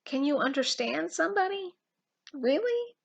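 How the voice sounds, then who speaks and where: A woman giving an informal, impassioned Bible teaching, emphatic and full of pauses and restarts. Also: fairly high pitch, a bit bright. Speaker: Christian teacher.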